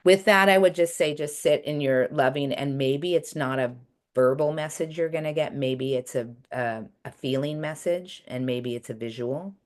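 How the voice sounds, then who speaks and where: A woman coach giving a casual, earnest talk over a video call, speaking in a chatty way with many restarts. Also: rumbling low. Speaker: coach and webinar presenter.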